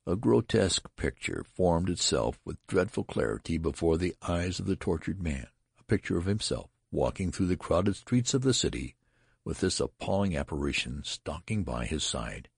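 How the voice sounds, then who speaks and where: A man narrating a story aloud with expressive delivery. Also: extremely low pitch, moderate pace, gravelly, husky, no echo, studio quality.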